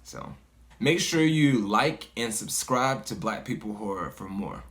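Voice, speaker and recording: A man's voice: on the low side, expressive, measured pace. A man casually telling a personal story in a loose, conversational way, full of fillers and swearing. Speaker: guest storyteller.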